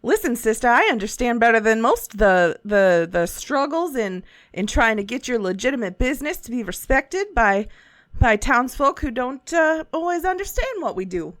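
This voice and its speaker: Voiced by a woman, this shady, folksy male handyman-tinkerer is friendly yet guarded, speaking in an exaggerated Southern drawl and tripping over his meandering words. Beneath the act is a fairly high voice with big pitch swings and a fairly bright tone. The pace is moderate, and the recording is close and dry.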